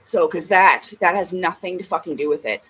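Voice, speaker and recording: A woman's voice: lowish voice, normal speed, fairly bright tone, slightly rough, poor audio. A woman vlogger in a casual ranting monologue, blunt and emphatic, swearing heavily.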